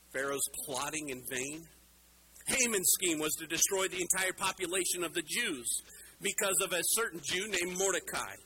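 A middle-aged man preaching a sermon with emphatic rhetorical questions, swinging between loud and soft. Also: fairly high pitch, a little hiss or hum, poor audio. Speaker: pastor.

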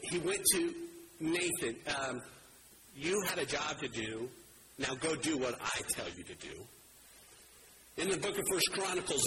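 A man preaching a sermon, talking casually and acting out the quoted speakers with big swings in his voice. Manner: animated, acts out quoted voices with wide pitch swings. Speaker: pastor. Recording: noticeable background noise.

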